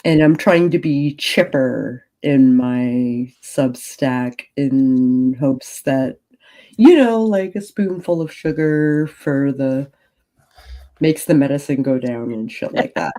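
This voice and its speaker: A woman's voice: a bass voice, takes it slowly, warm tone. A woman in casual chat, wry and drawling.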